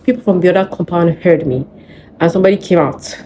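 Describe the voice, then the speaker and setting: A young woman with a Nigerian accent, chatting casually on her vlog and telling a story in an animated, venting way. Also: lowish voice, quick pace, noisy background. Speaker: vlogger. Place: home in Lagos.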